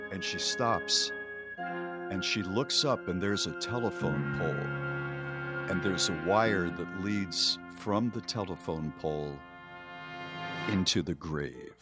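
A man co-hosting a radio talk show, retelling a story in a rambling, animated way with restarts. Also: lowish voice, unhurried, over music. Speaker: radio co-host. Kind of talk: casual storytelling.

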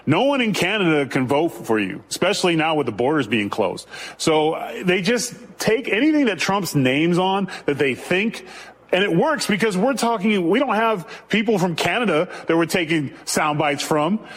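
A man's voice: high voice, very animated, moderate pace. Blunt man giving commentary. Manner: blunt, dismissive. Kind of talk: opinion commentary.

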